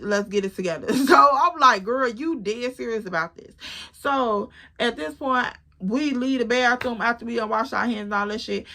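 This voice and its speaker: A woman's voice: mid-range voice, pushed and bright. A young woman vlogger telling a story casually, acting out dialogue and swearing freely.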